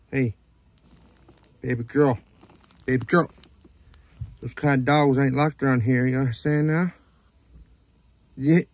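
A man's voice: mid-range voice, darkish tone, dry recording. A man teasing and playfully scolding his dog in casual chat at home. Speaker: dog owner filming his pets.

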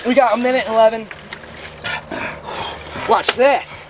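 A young man in his late teens talking excitedly through an outdoor ice bath for his vlog, breathless from the cold. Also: extremely high pitch, unhurried, noisy background. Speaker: vlogger. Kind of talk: casual vlog commentary.

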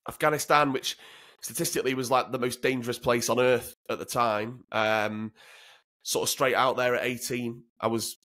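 Man, thirties, frank storyteller, swears a lot, repeats words, medium pitch. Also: fairly even intonation, moderate pace, a bit bright. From Northern England. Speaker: guest, former commando. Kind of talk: casual interview storytelling.

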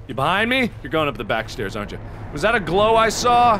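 A man giving excitable let's-play commentary, taunting the game and breaking into shouts and mock-dramatic rants. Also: a little high, fast, faint music behind. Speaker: gaming commentator. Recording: clear background noise.

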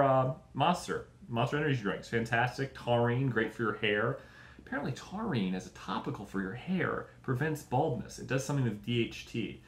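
A man's voice: mid-range voice, echoey room. A man hosting a comedy show, ranting crudely in a rambling, mocking way and acting out other people's voices. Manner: profane, rambling, mocking, acts out quoted voices. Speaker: comedy podcast host.

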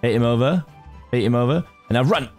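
Excitable man narrating a game, faint music. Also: medium pitch, brisk. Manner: excitable, talks to himself and viewers, jumpy exclamations. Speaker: gaming YouTuber. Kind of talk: casual Minecraft let's play commentary.

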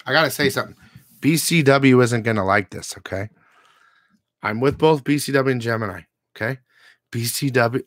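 A man's voice: mid-range voice, a little fast, fairly bright tone. A man hosting a comic book channel, ranting casually to his viewers, blunt and profane, with rambling asides.

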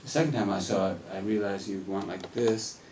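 A man on a film Q&A panel, talking in a rambling, animated way and laughing as he tells stories in a cinema hall. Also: lowish voice, a little fast, distant mic, noisy background. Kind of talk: casual live Q&A storytelling. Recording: echoey hall, mic heard from afar.

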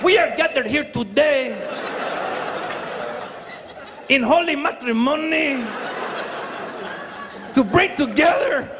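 A man voicing a solemn Mexican priest with a put-on Mexican Spanish accent, speaking in a booming, ceremonious singsong. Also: unhurried. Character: Mexican male priest, solemn, mangling names. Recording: live hall with crowd noise.

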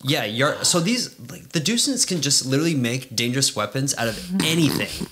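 A man's voice: medium pitch, sing-song, a little fast, a bit bright, slight background noise. A man in casual podcast chat, telling rambling anecdotes full of fillers. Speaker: podcast guest.

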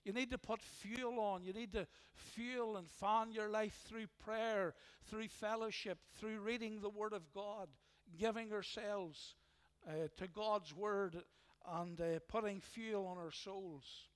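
A man's voice: sits high, fairly even intonation, takes it slowly, clean tone. A man with a Northern Irish accent preaching a sermon as pastor, earnest and emphatic, often repeating phrases for weight. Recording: long hall reverb.

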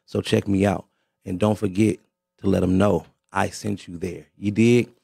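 A man's voice: low-pitched, steady tone, moderate pace, creaky, warm tone, husky, no echo, studio quality. A man hosting a radio show in a laid-back, slangy way, repeating himself and talking straight to his listeners. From Las Vegas. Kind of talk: casual radio show talk.

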